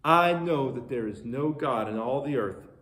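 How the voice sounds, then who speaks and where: A man preaching a sermon, reading scripture and retelling it in a conversational, animated way with questions to the listeners. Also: mid-range voice, normal speed, reverberant. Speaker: pastor.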